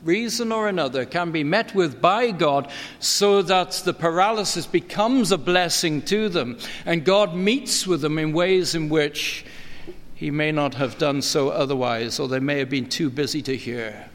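A middle-aged man preaching a sermon, earnest and expository, his pitch climbing when he presses a point. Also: unhurried. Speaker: pastor. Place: church. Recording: long church reverb.

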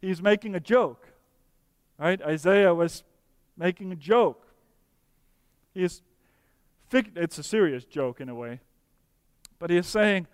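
A man preaching a sermon earnestly, slowing down for emphasis and dropping to soft, quiet tones. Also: high voice, clean tone, no room sound, long reverb tail.

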